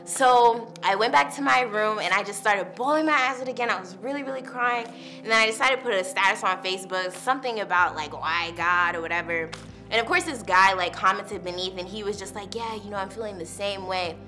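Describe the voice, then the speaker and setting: A young woman recounts her personal testimony in loose, candid storytelling, leaning often on "like" and "literally". Her voice is bright and crisp at a middle pitch. Quiet music plays faintly behind her. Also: fairly quick. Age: young adult. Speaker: university student giving a testimony.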